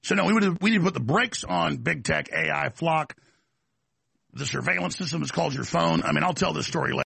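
A man's voice: a little high, brisk, vocal fry, sharp tone, slightly rough, dry recording. A middle-aged man hosting an opinionated commentary show, ranting heatedly and acting out the voices he quotes. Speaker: talk show host.

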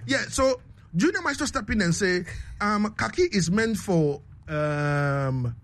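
Reading out messages from listeners, a Ghanaian-accented radio host keeps the mood casual, laughing frequently and saying "you understand me" again and again. He speaks slowly in a high voice, and he's animated.

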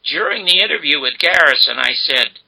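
An older man, a guest in an interview, retelling a story emphatically and dramatically in a gravelly, husky voice. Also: fairly high pitch, lively intonation, moderate pace, pushed and bright, rough recording. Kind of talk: animated storytelling.

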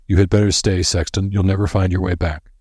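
A quiet, unemotional statesman, read by a male narrator in an audiobook, speaking in measured tones. The voice is low and husky, and the recording is dry and close. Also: little pitch movement, no echo. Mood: calm.

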